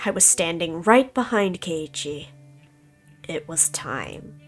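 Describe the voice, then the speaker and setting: A woman's voice: on the low side, expressive, slow pace, soft background music. A woman reading a visual novel aloud dramatically, in a menacing, taunting tone. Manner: menacing, taunting villain narration. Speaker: game streamer reading aloud.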